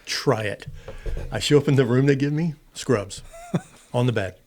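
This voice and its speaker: In a mid-range, darkish voice at a moderate pace, this retired fighter pilot, a middle-aged American on a podcast, tells a long personal story in a relaxed interview and plays both speakers. There is slight background noise.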